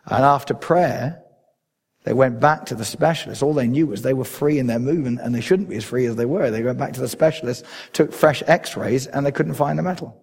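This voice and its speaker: English preacher in a reverberant hall. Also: male voice, a little fast, gravelly, husky. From England. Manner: emphatic preaching with swells in pitch and loudness. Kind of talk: sermon.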